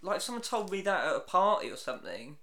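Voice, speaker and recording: A man's voice: high-pitched, big pitch swings, fast talker, bright, forceful tone. A man co-hosting a comedy radio show, ranting sarcastically in casual banter. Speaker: radio co-host.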